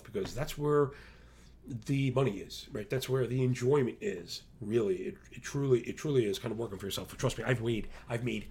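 Gravelly rambling New man. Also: mid-range voice. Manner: rambling, excitable, self-described motor mouth. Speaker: podcast host. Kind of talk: casual talk to listeners.

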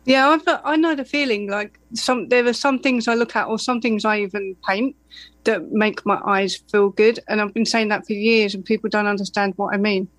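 A guest chats at a middling pitch. They talk hesitantly, with fillers and wry self-deprecation. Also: fairly even intonation, moderate pace, fairly bright tone, dry recording, low-quality recording. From Essex, England. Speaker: guest, painter. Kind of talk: casual conversation.

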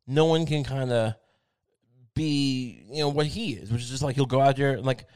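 A man in a casual, profane, rambling rant, full of fillers and restarts, who bursts into loud mocking quoted outbursts. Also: medium pitch, normal speed, clear, resonant tone, no room sound, studio quality. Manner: acts out mocking quoted rants in a raised voice.

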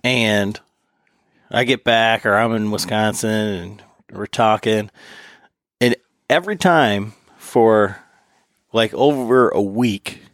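Lively storytelling man. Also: fairly low pitch, slow pace, long pauses, no room sound, studio quality. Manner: animated storyteller, acts out quotes with laughs. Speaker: podcast host. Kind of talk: casual chat.

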